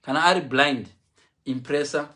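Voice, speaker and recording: A man's voice: on the high side, moderate pace. A man preaching a humorous sermon, mixing English and Shona and acting out the people he quotes. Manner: animated, mixes English and Shona, acts out quotes.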